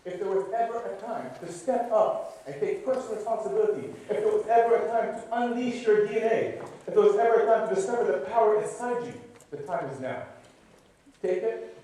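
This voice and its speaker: A man's voice: high voice, warm tone, a little hiss or hum. A man giving a motivational keynote, emphatic, repeating phrases and questioning the audience. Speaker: keynote speaker. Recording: echoey hall, voice picked up from a distance.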